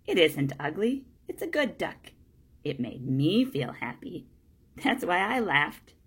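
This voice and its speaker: A woman's voice: fairly low pitch, very animated, takes it slowly, slightly rough, full character voice. A woman voicing a kindly older male wood carver in a storybook, patient and reassuring. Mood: gentle. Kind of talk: storybook character voice.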